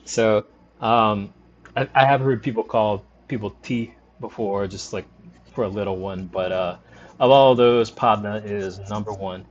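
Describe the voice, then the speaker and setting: A man from the New Orleans area giving rambling, relaxed commentary while streaming a game. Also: lowish voice, a little slow, dull audio, a little hiss or hum. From New Orleans area, Louisiana. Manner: rambling, lots of fillers, relaxed. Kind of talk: casual commentary over gameplay.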